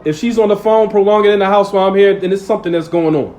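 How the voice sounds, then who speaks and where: A man's voice: sits high, very fast, mellow, muffled recording. A man preaching a sermon in casual street English, asking the audience rhetorical "what?" questions and acting out little everyday scenes. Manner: call-and-response questions, acts out little scenes. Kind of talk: Friday sermon.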